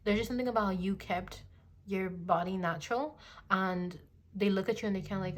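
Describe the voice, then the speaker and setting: With a fairly low, fairly even voice and a brisk delivery, a tarot reader in her twenties chats through a casual reading on her phone. Her talk wanders, full of "like" and "you know," with the odd gushing quoted voice thrown in.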